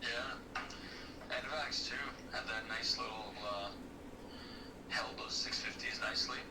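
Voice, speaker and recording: A man's voice: on the low side, slow pace. A young man chatting casually about trading, with slang, swearing and constant "like" fillers. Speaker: guest trader on stream. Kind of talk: casual chat. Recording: clear background noise.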